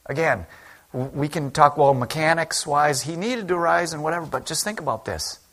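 Preaching at a church service, a man speaks earnestly and conversationally, dramatizing the lines he quotes. His voice is on the high side and a bit bright, at normal speed.

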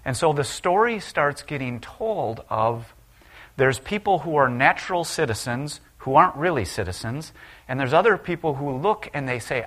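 Man, middle-aged, preacher, sermon, storytelling, voices quoted characters, sudden loud peaks. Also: medium pitch, lively intonation, moderate pace. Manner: retells Bible stories with voiced quotes, rising to loud exclaims.

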